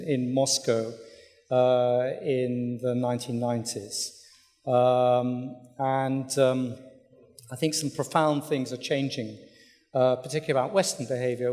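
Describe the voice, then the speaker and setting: A middle-aged man giving a thoughtful conference talk, pausing often with fillers and restarts. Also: medium pitch, darkish tone. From Britain. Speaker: conference speaker, newspaper editor. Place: hotel conference hall. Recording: reverberant conference hall.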